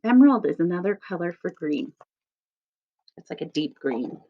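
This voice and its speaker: A woman teacher reading a picture book aloud to children, stressing each word slowly in a sing-song way. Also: fairly low pitch, very animated. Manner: slow, sing-song emphasis on words. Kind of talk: read-aloud lesson for children. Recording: dull lo-fi sound.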